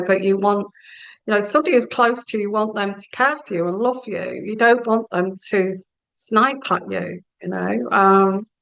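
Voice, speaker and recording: A woman with a gravelly, creaky voice gives a spoken tarot reading. She muses slowly and speaks straight to the listener as she gives her advice. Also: mid-range voice, fairly bright tone, low-quality recording. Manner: slow, musing, addresses the listener directly. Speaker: tarot reader.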